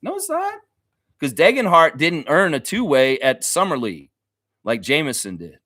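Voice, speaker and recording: Male livestream host, lively swinging pitch, blunt and profane, close dry mic. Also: moderate pace, no room sound. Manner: animated, blunt and profane, laughs often. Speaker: host of a daily basketball livestream. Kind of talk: casual livestream commentary reading chat.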